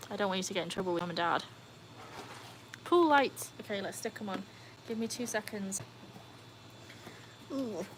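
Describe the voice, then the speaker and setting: A woman's voice: mid-range voice, fairly bright tone, rough recording. Woman, casual livestream host, chatty, light background hiss. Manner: chatty, reads out viewer comments. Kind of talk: casual live-stream chat. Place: home, beside a backyard pool.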